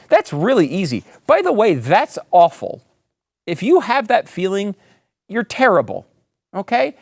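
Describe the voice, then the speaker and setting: A man's voice: on the high side, normal speed, no echo, clean studio sound. A man hosting a political commentary show, talking in a sarcastic, mocking, emphatic way. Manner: emphatic, lively delivery. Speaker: host.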